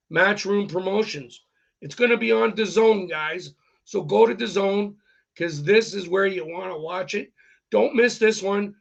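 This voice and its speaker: A man's voice: sits high, gravelly, fairly bright tone, muffled recording. A man hosting a boxing talk show, chatting casually and rambling to his viewers.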